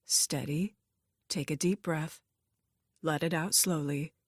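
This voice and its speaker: Laid-back, gently teasing homeless man, read by a woman narrator, low and dry. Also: slow, dry recording, full character voice. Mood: soothing. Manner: calm, easygoing.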